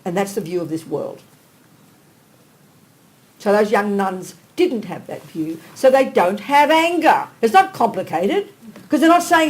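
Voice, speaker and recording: An older woman delivers a dharma teaching in a blunt, emphatic manner. Her voice sits in a middle pitch. She drops to quiet asides and then rises into animated, forceful points. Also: normal speed, low-quality recording. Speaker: Buddhist nun teacher. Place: teaching hall.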